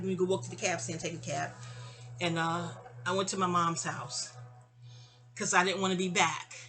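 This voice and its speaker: A woman, telling a personal story in an animated, digressive, sassy way. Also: on the low side. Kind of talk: casual storytime monologue.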